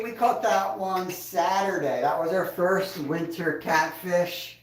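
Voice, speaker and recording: A relaxed man with a twang chats casually on his livestream, his fairly high voice sitting back from the mic. The sound bounces around an echoey room, and he chuckles as he answers his viewers. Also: slow pace, creaky, recorded from a distance. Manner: laid-back, chuckles, reads chat aloud. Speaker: livestream host.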